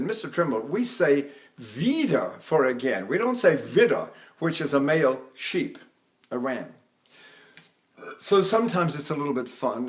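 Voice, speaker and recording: Speaking in a high, bright voice, an older man runs a singing lesson. He lays out points of vocal technique and repeatedly illustrates them by singing syllables and short phrases.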